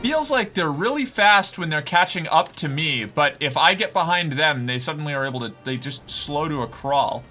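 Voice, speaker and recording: A man streaming a game, giving anxious commentary, swearing and talking himself calm with repeated phrases. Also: on the high side, moderate pace, few pauses, soft background music. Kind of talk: gameplay commentary.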